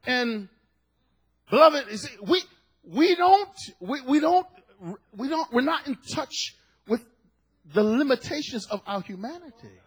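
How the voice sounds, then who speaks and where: Pastor, male, high voice, playful sermon delivery that climbs into shouting. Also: lively intonation, measured pace, slightly rough. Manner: jokey, builds to shouted emphasis. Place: church.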